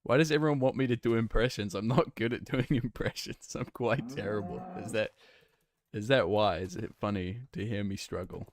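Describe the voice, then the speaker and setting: A man's voice: on the low side, normal speed, a crowd in the background. A young man streaming a game, chatting casually and laughing, flustered and rambling. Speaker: gaming streamer.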